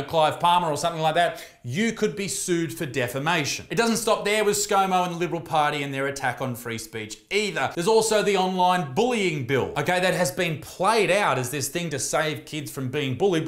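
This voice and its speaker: A man's voice: a little high, fairly bright tone, echoey room. A young Australian man, a comedian, delivering a crude, sarcastic political rant full of swearing.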